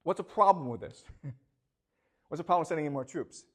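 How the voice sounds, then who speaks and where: Firing questions at his class, a male professor delivers a lecture a little fast, his slightly high voice full of lively intonation and big pitch movement. He stops often to make sure students are following and repeats points emphatically to press them home.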